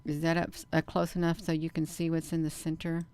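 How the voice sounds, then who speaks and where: A woman with a low-pitched voice talks her viewers through camera footage in a loose, chatty way. She keeps calling out to her audience and leans hard on her points, insisting they look where she points. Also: fairly quick, clear, resonant tone. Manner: animated, repeatedly addresses viewers as "you all"; insistent, emphatic bursts. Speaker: channel host. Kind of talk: casual live commentary over camera footage.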